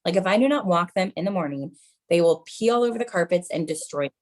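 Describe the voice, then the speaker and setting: A woman's voice: fairly low pitch, animated, fast, a little mellow. A woman in her thirties doing a stand-up set, chatty and self-mocking, often calling the crowd "you guys". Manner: self-mocking mom jokes. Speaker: stand-up comedian.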